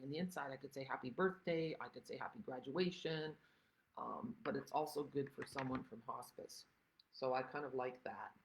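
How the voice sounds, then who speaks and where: Older woman host, gravelly, chatty craft demonstrator on a casual livestream. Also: deep voice, rough recording. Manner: chatty, rambling, greets viewers by name.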